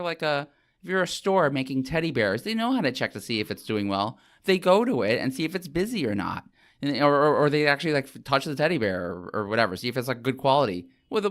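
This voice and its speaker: A man co-hosting a podcast, talking in an animated, rambling way and quick to joke. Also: fairly high pitch. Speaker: podcast co-host. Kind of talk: casual podcast chat.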